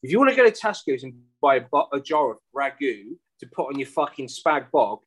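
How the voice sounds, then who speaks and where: Husky English man, sweary and rambling. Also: mid-range voice, fairly quick, rough recording. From England. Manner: sweary, rambling, animated storytelling. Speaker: podcast host. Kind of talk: casual chat.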